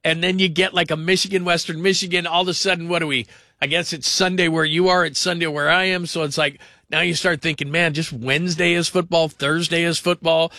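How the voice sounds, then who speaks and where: A man hosting a call-in sports radio show, talking fast and animated, often mimicking the people he talks about. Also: on the high side, no echo. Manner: animated, does mocking voices of others.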